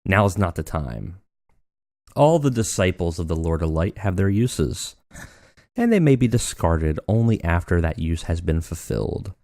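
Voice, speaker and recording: Man reads grim male cult prophet; low voice, measured, unhurried. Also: very animated, darkish tone, dry recording, clean studio sound. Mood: ominous. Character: ominous male cult leader prophesying doom.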